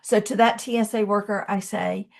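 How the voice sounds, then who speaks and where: Middle-aged woman vlogging, heartfelt story, chatty with lots of ums, earnest and affectionate, mid-pitched voice. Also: fairly even intonation, normal speed, gravelly, a little mellow. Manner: conversational with many fillers. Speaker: channel host.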